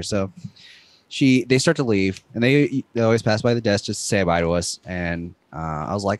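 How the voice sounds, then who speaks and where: A man's voice: fairly low pitch, fairly quick, no room sound. A man co-hosting a casual chat, telling stories and acting out what people said. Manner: animated storytelling, acting out quotes. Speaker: podcast co-host.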